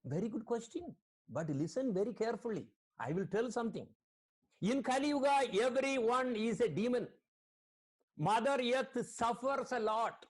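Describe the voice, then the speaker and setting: A man's voice: very high-pitched, expressive, moderate pace. A man, a spiritual teacher, giving an online sermon over a video call, quoting Sanskrit verses and questioning his listeners.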